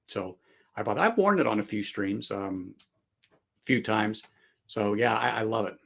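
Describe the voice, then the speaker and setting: A man's voice: on the low side, lively intonation, a little slow, vocal fry, fairly bright tone, breathy edge. A man hosting a casual livestream chat, rambling with many fillers and restarts and laughing often. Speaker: livestream host.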